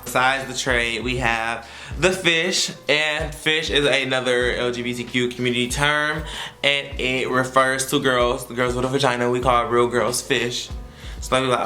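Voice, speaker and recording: Sassy young man vlogging, bright voice. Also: medium pitch, moderate pace, reverberant, faint music behind. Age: young adult. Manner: sassy, animated, slangy. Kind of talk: casual advice vlog.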